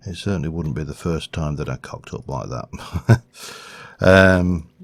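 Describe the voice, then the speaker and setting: A man giving rambling, self-deprecating casual commentary over a game. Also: low voice. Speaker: gaming video host.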